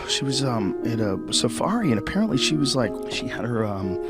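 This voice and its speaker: A man's voice: mid-range voice, moderate pace, loud music behind the voice. A man hosting a podcast, telling vivid stories in casual chat with lots of swearing and emphatic repetition. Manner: animated, profane storytelling. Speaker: podcast host.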